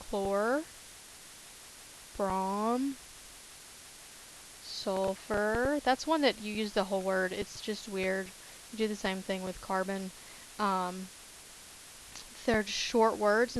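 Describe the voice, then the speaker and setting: A woman's voice: medium pitch, slight background noise, rough recording. A woman teacher talking through chemistry notes in a casual way, repeating key terms with many fillers. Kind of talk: recorded lecture over notes.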